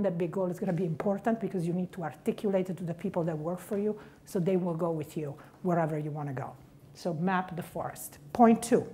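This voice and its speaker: A woman's voice: medium pitch, dark tone. A woman giving an emphatic, motivational keynote speech at a conference. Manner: emphatic, list-driven advice. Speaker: conference speaker.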